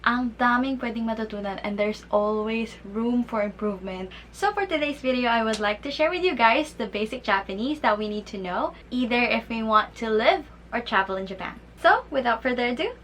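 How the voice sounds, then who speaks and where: A bubbly, playful woman with a Filipino accent hosts a casual vlog lesson on basic phrases, mixing Tagalog and English, giggling often, and drawing out words to pronounce them carefully. Her fairly high voice is expressive, brisk, and a bit bright, with few pauses. Background music and slight noise sit underneath.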